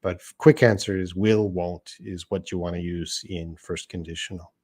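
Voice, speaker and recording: A middle-aged man hosting a live English class, talking in an easy, conversational way as he reads out questions from the chat. His voice sits fairly low, and he explains things plainly and patiently. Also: fairly even intonation, moderate pace, a little mellow. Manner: casual and conversational, reads viewer questions aloud and answers them. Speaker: English teacher. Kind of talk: live-streamed lesson answering chat questions.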